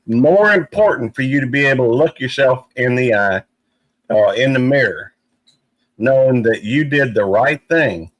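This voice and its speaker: A man's voice: mid-range voice, lively intonation, normal speed, dry recording, poor audio. A man speaking earnestly and emphatically on a casual live panel, with some playful teasing.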